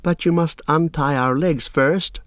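A man's voice: a little high, a little slow, fairly bright tone, dry recording, pitched above the performer's own voice. A man voicing a young male hobbit, frightened but cunning, choosing his words carefully. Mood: bargaining. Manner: careful, urgent bargaining.

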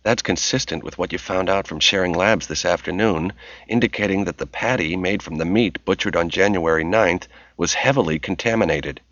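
A man's voice: low-pitched, fairly quick, fairly bright tone, no room sound, dull audio. A male audiobook narrator voicing a nervous young man caught snooping through files.

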